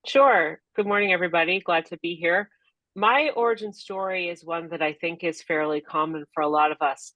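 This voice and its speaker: A woman's voice: low-pitched, fairly bright tone, no room sound, highs cut off. A woman on a video-call panel, telling her story in a friendly way and laughing easily. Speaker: panelist, team leader. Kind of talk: casual storytelling.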